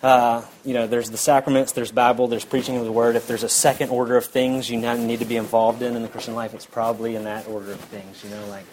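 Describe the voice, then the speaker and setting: A man's voice: mid-range voice, flat delivery, fast, hardly any pauses, a little hiss or hum, low-quality recording. Conversational man preaching a sermon. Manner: conversational preaching, dropping to quiet intensity. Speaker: pastor.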